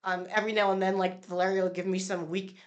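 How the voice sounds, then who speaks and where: A woman's voice: mid-range voice, flat delivery, quick pace. A woman state senator being interviewed, speaking earnestly and emphatically about her time as a lawmaker. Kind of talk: conversational interview.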